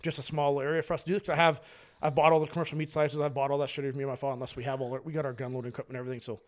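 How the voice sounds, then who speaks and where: A man's voice: mid-range voice, flat delivery, rapid-fire. A man on a casual podcast, telling rambling, profane stories and laughing along as he talks. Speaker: podcast co-host.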